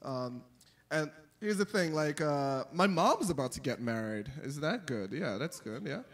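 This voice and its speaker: A young man performing a stand-up comedy set, telling stories with animated delivery and jumping into high squeaky voices for the characters. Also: a little slow. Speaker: stand-up comic.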